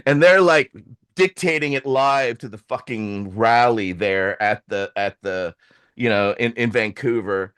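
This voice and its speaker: A man hosting a show, telling a long story in a casual, animated way, acting out the voices of people he quotes. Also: medium pitch, a little slow, clear, resonant tone. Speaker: host.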